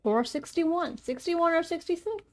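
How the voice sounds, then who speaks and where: A woman's voice: very high-pitched, measured pace. A woman playing a tabletop role-playing game who chats casually, giggles often and reads bits aloud from the book. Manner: giggly, chatty, reads out from a rulebook. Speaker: player.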